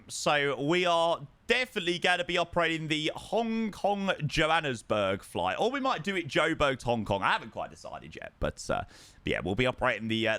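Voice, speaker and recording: A man's voice: medium pitch, sharp tone, no room sound. A young man streaming a flight sim, chatting casually and answering his viewers from a home setup. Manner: chatty, greets viewers, reads and answers chat. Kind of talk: casual live-stream chat.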